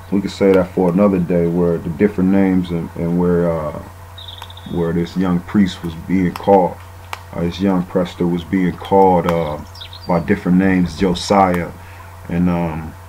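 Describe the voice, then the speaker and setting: Low dark-voiced man teaching scripture. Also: slight background noise, rough recording. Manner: casual, repeats himself with fillers and "man". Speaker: bible teacher. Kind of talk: informal bible teaching.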